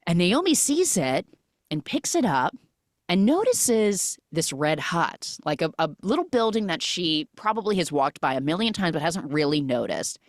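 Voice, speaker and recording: A woman recapping a film plot on a podcast in a casual, animated way, acting out characters and sound effects with lots of "like". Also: fairly low pitch, normal speed, no room sound, clean studio sound. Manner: animated retelling, acts out characters and sound effects, many "like" fillers.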